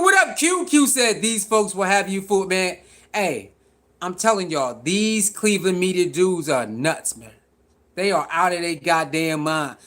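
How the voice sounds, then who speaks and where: Guy doing a chill sports reaction stream, keeps saying y'all and man, kinda high voice. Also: fairly bright tone. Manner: slangy, repetitive, calls out to viewers. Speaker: sports commentary host. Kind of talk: casual reaction commentary.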